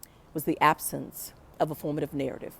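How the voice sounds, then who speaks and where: A woman's voice: sits low, level tone, brisk, creaky, a bit bright, slightly rough. A young adult woman telling a personal story in a reflective way, acting out the voices she quotes.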